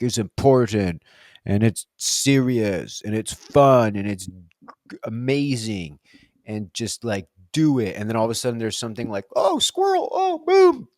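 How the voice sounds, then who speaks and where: A young adult man hosting a solo talk, musing casually and breaking into quick playful voices. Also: medium pitch, darkish tone, no room sound, clean studio sound. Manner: playful, acts out quick silly voices mid-thought. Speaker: solo podcast host answering reflective questions. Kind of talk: casual spoken reflection.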